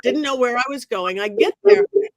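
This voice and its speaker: Woman medium as guest, lively storyteller who acts out the voices, dry close sound. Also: fairly high pitch, fairly quick, no echo. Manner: expressive, acts out quoted voices. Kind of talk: animated storytelling.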